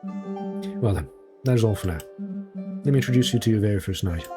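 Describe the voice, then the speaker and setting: A man's voice: fairly low pitch, a little fast, over music, lightly acted. A man voicing a genial older royal advisor, speaking formally and courteously.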